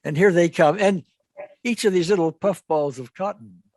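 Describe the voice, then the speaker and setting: A man working as an EFT practitioner, talking a client through a guided imagery exercise with slow, gentle, repetitive coaching. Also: high-pitched, no room sound. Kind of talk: guided imagery therapy session.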